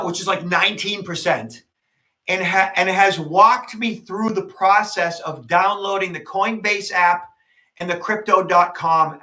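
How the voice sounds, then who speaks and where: A man co-hosting a podcast, telling a story in casual conversation, animated and emphatic. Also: high-pitched. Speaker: podcast co-host, security expert.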